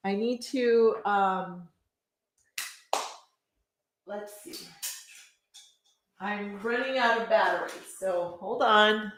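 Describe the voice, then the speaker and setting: A middle-aged woman reading her own book on a live stream and chatting warmly with viewers between passages. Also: medium pitch, very slow, long pauses, heavy background noise. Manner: warm, gushing, chats with viewers between passages.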